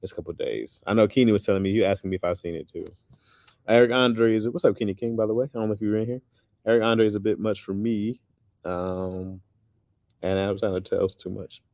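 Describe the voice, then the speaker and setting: Casual male streamer, deep voice, dry close sound, animated and loose. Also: brisk, no room sound. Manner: loose and animated, says "bro" often. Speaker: streamer chatting with viewers. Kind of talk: casual chat.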